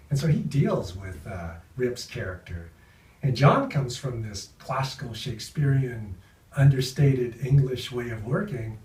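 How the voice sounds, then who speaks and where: A man being interviewed as an actor, telling anecdotes from a film shoot in a lively, storytelling way and acting out the people he quotes. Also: mid-range voice, recorded from a distance. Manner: animated, acts out quoted voices. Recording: roomy sound from off-mic.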